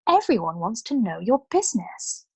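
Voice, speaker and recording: A woman reading the part of a bold young female chocolatier, speaking brightly and with false sweetness. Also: fairly high pitch, very animated, moderate pace, husky, dry recording, pitched above the performer's own voice, exaggerated voice. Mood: mock-sweet.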